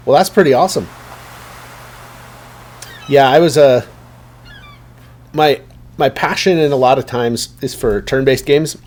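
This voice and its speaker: A man's voice: medium pitch, a little slow, pauses often, a little mellow. Chatty man streaming a game. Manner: rambling, chatty, many fillers and restarts. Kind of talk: casual game stream chat.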